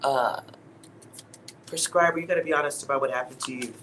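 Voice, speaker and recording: Man, tarot reader, casual spoken reading, blunt, profane, preachy, middle pitch. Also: fairly quick, fairly bright tone, slight background noise.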